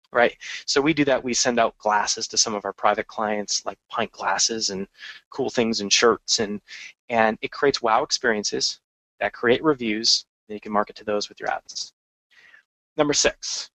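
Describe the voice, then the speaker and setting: A man's voice: mid-range voice, fairly bright tone, dry recording, poor audio. A man hosting a marketing podcast, talking energetically in a casual, conversational way with frequent restarts and asides. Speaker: podcast host and marketing coach. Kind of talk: casual business podcast monologue.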